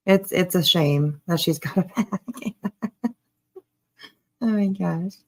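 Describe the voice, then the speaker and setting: Creaky-voiced sarcastic woman. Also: on the low side, slow. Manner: sarcastic, chatty, greets viewers. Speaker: commentary streamer. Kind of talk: casual live commentary.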